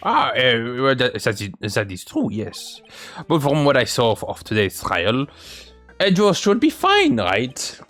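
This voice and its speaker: A man's voice: medium pitch, huge pitch swings, unhurried, a bit bright, faint music behind. A man voicing a pompous, chuckling old lawyer in a game.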